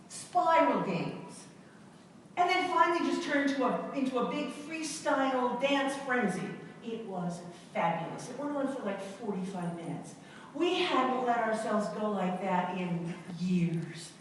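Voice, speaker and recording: A middle-aged woman giving a personal storytelling talk to an audience, dramatic and emphatic, with long pauses and repetition. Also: mid-range voice, slight background noise. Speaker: speaker at a self-help event. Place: large indoor event hall. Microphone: camera in the audience. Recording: echoey hall recorded from far off.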